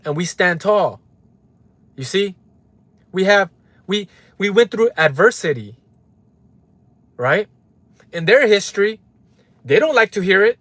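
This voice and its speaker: In a high, sing-song voice that's a bit bright, he talks at a measured pace with long pauses and no room sound. This livestream host from Los Angeles, United States, rants heatedly and often profanely to chat, names viewers aloud, and leans on "right?" for emphasis.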